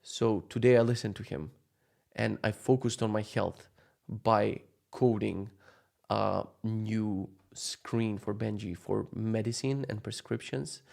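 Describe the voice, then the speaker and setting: A young man telling a story in a casual vlog, animated and profane, acting out what others said in shifting voices. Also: lowish voice, takes it slowly, vocal fry. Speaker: vlogger.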